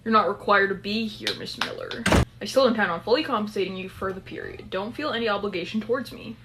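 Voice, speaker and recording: A woman's voice: mid-range voice, fast, very noisy, lightly acted. A woman reading as a stubborn rich boss man. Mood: stern. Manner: formal, curt and dismissive. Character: proud rich male boss, bedridden, stubborn. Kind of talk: dramatic story reading.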